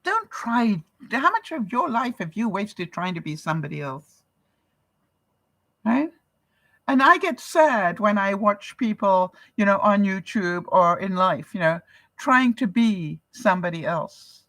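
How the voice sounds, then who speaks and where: Older canadian lady rambling to her viewers, laughs a lot, super animated pitch, dry sound. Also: unhurried, no room sound. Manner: chatty, laughs often, asks rhetorical questions. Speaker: vlogger. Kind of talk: casual livestream chat.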